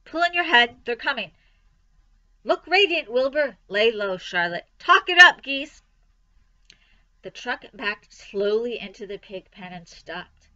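Woman storybook reader, bright, slightly muffled recording. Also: mid-range voice. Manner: expressive, lively reading. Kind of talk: storybook read-aloud.

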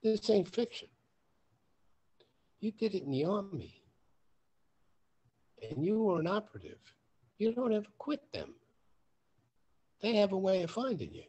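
A podcast host with a high, slightly rough male voice tells a story at a somewhat slow pace, leaving long pauses. He swears casually and animatedly acts out both sides of the conversation, raising his voice for the quoted dialogue.

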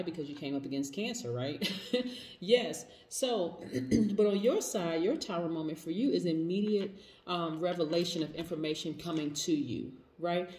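A woman's voice: low voice, a little mellow. A woman giving a spoken tarot reading, enthusiastic and repeating affirmations of yes. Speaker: tarot reader. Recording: echoey room, voice off-mic, faint noise.

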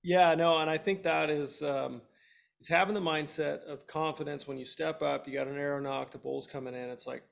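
Gravelly guy in his 30s giving straight-up hunting tips, says um a lot. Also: on the high side, steady tone, normal speed. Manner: practical, direct advice with frequent "um"s. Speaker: elk hunting guest expert. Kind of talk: instructional webinar talk.

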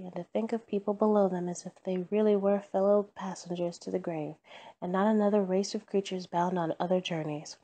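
A woman's voice: mid-range voice, lightly acted. A woman reading a cheerful earnest young man. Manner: warm-hearted, pleading.

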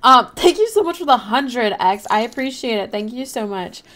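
A woman's voice: fairly high pitch, animated, normal speed, fairly bright tone. A young woman livestreaming a game, chatting casually and apologetically while reading and thanking her chat. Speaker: livestreaming gamer.

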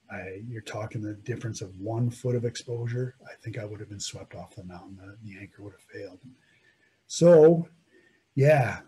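Recounting his mountain ordeal vividly and in first person, this man shifts from loud, emphatic moments to hushed ones. His voice is fairly low-pitched with a breathy edge.

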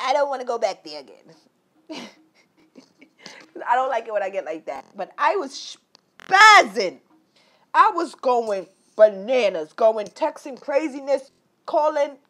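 A woman vlogging a candid personal story, animated and profane, leaping into high exclaimed quotes and talking straight to her viewers. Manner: repetitive filler-heavy talk addressing viewers directly.

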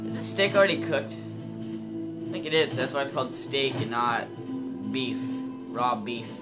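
A young man casually commenting on his game, excitable and swearing, talking to his in-game companions. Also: mid-range voice, measured pace. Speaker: gameplay commentator. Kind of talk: casual let's-play commentary. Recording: game music loud behind voice.

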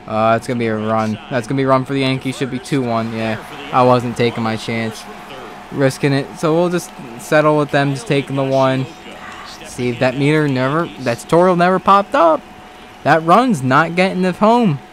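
A man giving casual let's-play commentary on a baseball video game, excitable, swearing and talking back to the game. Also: medium pitch, moderate pace. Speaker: gaming commentator.

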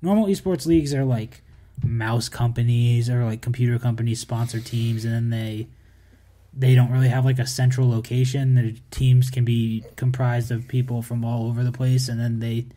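A man's voice: mid-range voice, fairly even intonation, moderate pace, warm tone. A man co-hosting a podcast, explaining things at length in casual chat with fillers and wry jokes. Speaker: podcast co-host.

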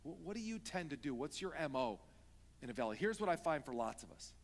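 A man preaching a sermon as pastor, moving from hushed talk to loud pleading. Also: a little high, very animated, a little fast. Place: church sanctuary. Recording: long reverb of a church hall.

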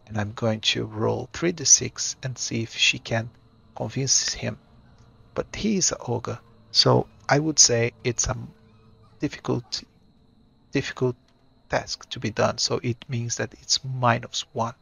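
Male solo game master, hesitant, bright and gravelly voice. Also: mid-range voice, unhurried. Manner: thinks aloud, hesitant. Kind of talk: solo tabletop narration.

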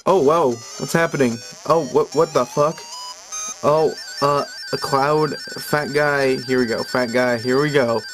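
A young man doing let's-play commentary, joking, rambling and swearing, sometimes bursting into loud excited yells. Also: mid-range voice, measured pace. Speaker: let's player. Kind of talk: video game commentary. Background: game music.

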